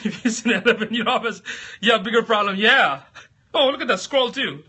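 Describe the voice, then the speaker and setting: Man, high voice, very bright tone, chatty livestream host, laughs a lot, greets viewers. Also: animated, fairly quick, slightly rough. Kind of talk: casual livestream chat.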